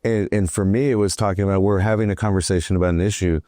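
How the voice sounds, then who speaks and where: Male interview host, low and fast-talking, matter-of-fact. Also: fairly even intonation, mellow, dry recording, studio quality. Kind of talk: political interview.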